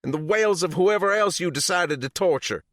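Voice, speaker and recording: A man's voice: sits high, normal speed, a bit bright, dry recording, clean studio sound, voice pushed up. Man voicing a shrieking vengeful mother. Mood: screaming, vindictive. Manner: shrieking, bitter, trembling. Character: furious vengeful middle-aged mother, captive for decades. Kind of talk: audiobook character reading.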